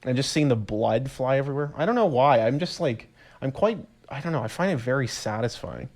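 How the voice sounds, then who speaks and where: A young man, casually rambling through a solo podcast story, animated and self-amused. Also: mid-range voice, a little fast. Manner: rambling, animated storytelling with laughs and voiced reactions. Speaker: podcast host.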